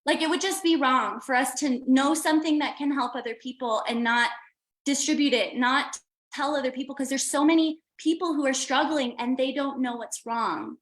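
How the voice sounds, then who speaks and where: Earnest high-voiced woman, echoey room. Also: moderate pace. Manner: earnest, in short run-on phrases. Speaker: guest giving a testimony. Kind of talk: earnest personal testimony.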